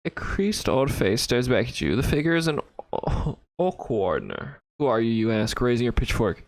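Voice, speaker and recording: A man playing a text adventure game, reading its lines aloud and adding wry, deadpan comments on a close mic. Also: medium pitch, moderate pace, no echo. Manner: wry, deadpan, bursts into laughter. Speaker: gaming YouTuber.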